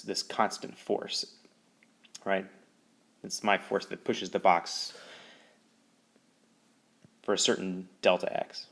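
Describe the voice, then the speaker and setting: Male physics teacher, lower voice, energetic and emphatic whiteboard lecture. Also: creaky. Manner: lively, emphatic teaching with sudden rises in pitch. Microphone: voice-over recording.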